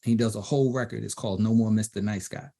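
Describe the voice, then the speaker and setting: Brief: middle-aged New guest, husky voice, lively storyteller who mimics quoted people. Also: male voice, on the low side, quick pace. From Brooklyn, New York. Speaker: DJ and producer guest. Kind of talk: storytelling in a panel interview.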